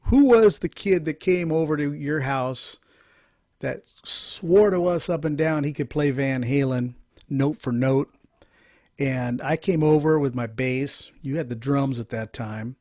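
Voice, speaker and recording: Male podcast co-host, mid pitch, easygoing and agreeable. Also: a little slow, mellow, dry recording, clean studio sound. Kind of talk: casual chat.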